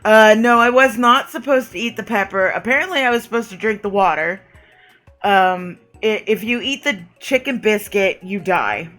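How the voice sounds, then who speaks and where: A woman's voice: medium pitch, lively intonation, moderate pace, a bit bright. A woman streaming a game with a sore throat, reading the on-screen text aloud and breaking off to chat. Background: game music.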